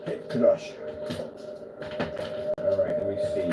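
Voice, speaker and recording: A man's voice: mid-range voice, expressive, a little fast, highs cut off. A man who runs a small screen business, chatting casually in his workshop, preaching about faith and then cooing playfully at his cat. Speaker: projector screen business owner. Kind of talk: casual vlog chat. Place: indoor workshop with boxes and desk. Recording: noisy room background.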